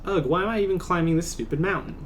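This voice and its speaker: A man's voice: sits high, fast talker, noisy background, pitched above the performer's own voice, lightly acted. A man reading an anxious young woman mountain climber from a game, lightly acted in his own voice. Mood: weary.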